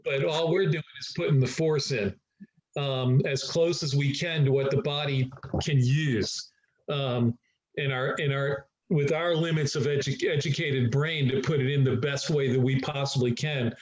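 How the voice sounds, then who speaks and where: A man's voice: medium pitch, steady tone, moderate pace, lo-fi sound. A man, a chiropractor, talking reflectively in a casual group discussion over a video call, rambling with restarts.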